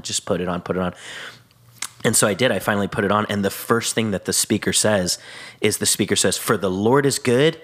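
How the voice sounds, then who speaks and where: A man's voice: lowish voice, fairly bright tone. A young man on a Christian podcast, earnestly telling a personal story and quoting prayers and scripture in casual chat. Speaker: podcast co-host.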